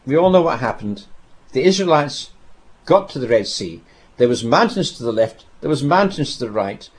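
A man preaching a sermon, telling a scripture story with dramatic pauses and repeated phrases. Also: mid-range voice, sing-song.

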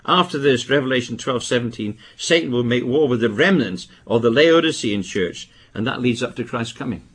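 An older man from Britain preaching a sermon, with emphatic bursts and quieter asides. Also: medium pitch, animated, fairly quick, breathy edge. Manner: emphatic, rising to stress warnings, then dropping to asides.

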